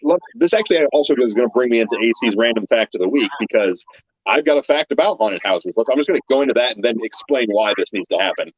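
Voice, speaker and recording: A man co-hosting a podcast in a quick, chatty way, presenting a trivia segment. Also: medium pitch, expressive, husky, no room sound, lo-fi sound. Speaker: podcast co-host. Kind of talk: casual podcast chat.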